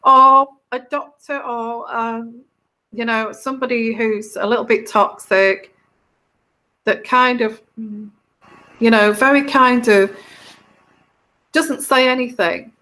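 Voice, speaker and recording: A tarot reader hosting a live stream speaks to her viewers in a sharp, slightly high voice, going slowly and pausing often. Heartfelt and rambling, she keeps restarting her sentences and puts on voices for the things she quotes.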